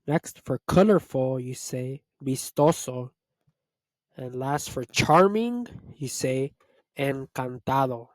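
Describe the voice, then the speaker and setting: A man runs through a vocabulary list at a very unhurried pace, pausing between each word. His voice sits at an ordinary middle pitch. The sound is dry and close, with no room around it. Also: expressive, dry recording. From United States. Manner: slow, deliberate word-by-word drilling. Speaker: Spanish tutor. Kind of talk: slow vocabulary lesson.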